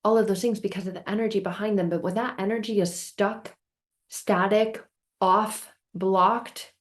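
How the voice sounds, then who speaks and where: A woman's voice: medium pitch, fairly even intonation, moderate pace. A woman hosting a casual self-help vlog, telling a story expressively, acting out her frustration in quoted outbursts and repeating phrases in rhythmic lists. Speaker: self-help video host.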